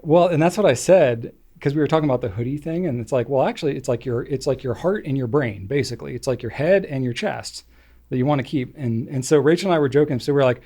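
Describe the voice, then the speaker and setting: With a quick pace and a somewhat dark, mid-range voice, this middle-aged podcast co-host rambles through a casual conversation, leaning heavily on filler words.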